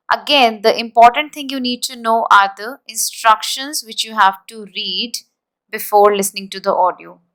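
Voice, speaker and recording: A woman teaching an exam-prep lesson, explaining deliberately and spelling words out letter by letter. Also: a little high, fairly bright tone, clean tone, poor audio. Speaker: IELTS teacher.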